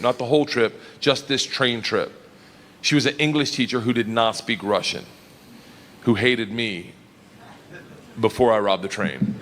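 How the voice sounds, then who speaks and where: A man doing stand-up storytelling, loud and animated, laughing through his lines. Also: medium pitch. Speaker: stand-up comedian. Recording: echoey hall with background noise.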